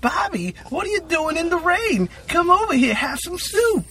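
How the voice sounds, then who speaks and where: A man's voice: very high voice, big pitch swings, normal speed, sharp tone, pitched above the performer's own voice, exaggerated voice. A man putting on a doting, confused old woman. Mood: coaxing. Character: confused elderly woman with dementia.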